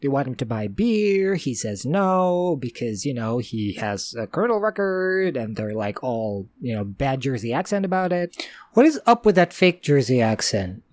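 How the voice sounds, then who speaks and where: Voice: medium pitch, sing-song, moderate pace, hardly any pauses, darkish tone, dry recording. A co-host giving blunt, opinionated reactions to a horror film, easily annoyed by it. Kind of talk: casual movie reaction commentary.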